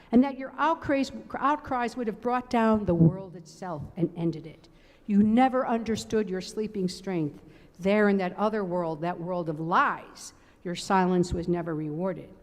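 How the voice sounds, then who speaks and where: A tender, loving heavenly judge , voiced by a woman reading a story aloud. He speaks gently and earnestly, consoling a humble soul. Her voice sits at a middle pitch and rings with the long reverb of a large sanctuary. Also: close to an everyday voice.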